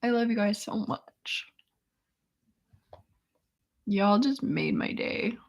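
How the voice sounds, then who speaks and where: A young woman hosting a casual live chat, worn out after a seizure, speaking softly in half-whispers and laughing often. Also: mid-range voice, lively intonation, takes it slowly, vocal fry.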